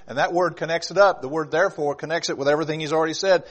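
A middle-aged man preaching a sermon in a fairly high voice. He starts calm and then rises to loud, emphatic points, often repeating a word as he restarts. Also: fast talker, few pauses. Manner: repeats words when restarting.

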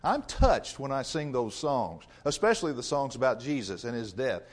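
A man preaching a sermon in an earnest, measured way, repeating phrases for emphasis. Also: medium pitch, very animated.

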